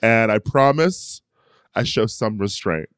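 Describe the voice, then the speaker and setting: Lively, playful man co-hosting a podcast. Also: lowish voice, a little slow, clean tone, no echo, clean studio sound. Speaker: podcast co-host. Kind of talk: casual pop culture chat.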